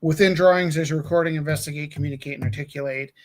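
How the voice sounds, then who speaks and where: A man's voice: on the high side, steady tone, fast, slight background noise. A man hosting a live art stream in casual chat, joking and acting out little back-and-forth dialogues as he tells stories. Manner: joking storyteller who acts out little dialogues.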